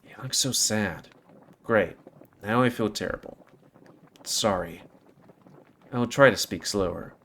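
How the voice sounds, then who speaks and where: A man reading a visual novel aloud with an expressive delivery and hesitant, stumbling asides. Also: fairly low pitch, slow, pauses often, a little hiss or hum.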